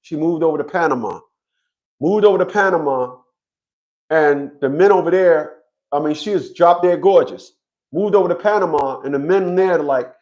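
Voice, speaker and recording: A man's voice: a little high, moderate pace, a little mellow. A man giving a blunt, profane monologue to his viewers, often stammering and restarting his sentences. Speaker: online commentator on child support.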